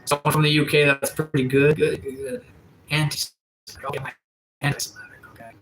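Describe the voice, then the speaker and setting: A man's voice: fairly high pitch, level tone, fairly quick, fairly bright tone, slight background noise, rough recording. Man streaming with a cold. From Atlantic Canada. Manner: reads out and answers chat comments. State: has a cold. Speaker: livestreamer. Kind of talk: casual live-chat stream. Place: sunroom.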